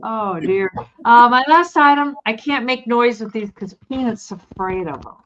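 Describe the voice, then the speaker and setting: A woman's voice: fairly high pitch, moderate pace, fairly bright tone, highs cut off. A woman co-hosting a live online vintage sale, chatting and telling rambling stories about her items. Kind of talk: casual live sale chat.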